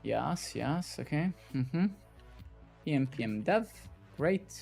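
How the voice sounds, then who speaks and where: A man with a fairly high, gravelly, darkish voice speaks slowly but animatedly, with faint music in the background. He's live coding on a stream, thinking aloud, muttering to himself, and swearing in frustration when the code breaks.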